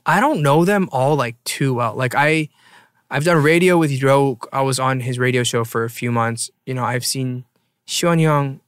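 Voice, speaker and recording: A man's voice: medium pitch, normal speed, smooth, no echo, clean studio sound. A man in his thirties hosting a podcast, telling stories in a chatty way and laughing often. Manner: chatty, laughs often, shifts into quoted voices. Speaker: podcast host. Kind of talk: casual storytelling chat.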